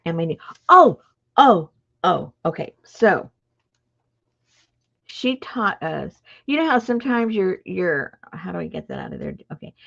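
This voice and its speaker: A woman hosting a live craft stream, chatting with viewers in an excitable, talkative way. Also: fairly low pitch, gravelly. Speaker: craft channel host. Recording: dull lo-fi live-stream audio.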